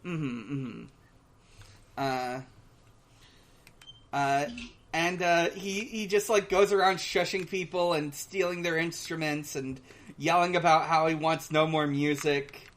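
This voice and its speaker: A man co-hosting a podcast in casual chat, recapping a cartoon in a hesitant, halting way full of pauses. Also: a little high, a bit bright. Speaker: podcast co-host.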